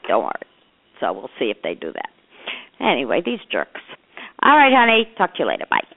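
A woman's voice: low-pitched, huge pitch swings, fairly quick, creaky. An older woman leaving chatty, rambling, affectionate voicemail messages for her grown child. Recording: phone-line voicemail.

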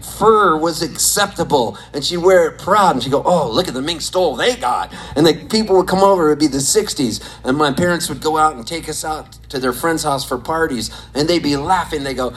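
A man in his sixties from Southern California, telling animated, laughing, profane stories from his childhood in a casual way. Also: fairly high pitch, fairly quick, few pauses, poor audio. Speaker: storyteller. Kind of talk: casual storytelling.

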